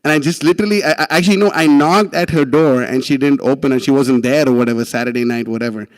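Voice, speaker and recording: A man giving a religious class, telling a story in an animated, casual way with many restarts and laughs. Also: medium pitch, fast, in a large hall.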